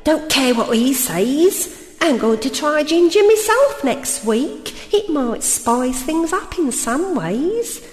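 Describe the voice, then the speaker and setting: A woman's voice: high-pitched, very animated, slow, slight background noise, voice pushed up, full character voice. A woman doing a chatty village cafe lady. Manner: cheery rhyming patter, says "me" for "my". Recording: roomy hall with long reverb.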